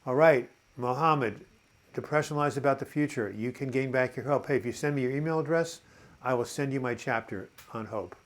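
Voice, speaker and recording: A man in his seventies hosting a live chat, reading viewer comments aloud and answering them in a halting, encouraging way. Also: mid-range voice. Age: 70s. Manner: halting, frequent uh and repeated words.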